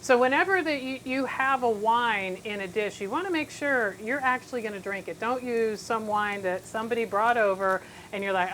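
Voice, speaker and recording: A fairly high-voiced woman talks through a home cooking demonstration in her kitchen. She sounds chatty and encouraging, and often restarts her sentences. A pan sizzles faintly beneath her voice. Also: normal speed, few pauses, a bit bright, a little hiss or hum. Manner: chatty and encouraging, with fillers and self-corrections. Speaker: cooking show host. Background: faint sizzling of a pan on the stove.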